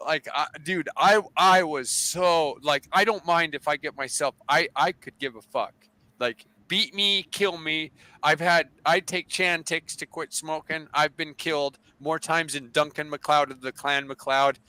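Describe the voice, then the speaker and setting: An American man casually telling a rambling, profane story on a livestream, animated and full of restarts. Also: on the high side, poor audio. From United States.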